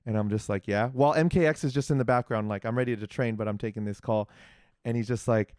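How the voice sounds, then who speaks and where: A young man casually telling a story on a podcast, animated and acting out the quoted dialogue, with many fillers. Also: medium pitch, quick pace, clear, resonant tone, no echo, clean studio sound. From California. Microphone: podcast mic.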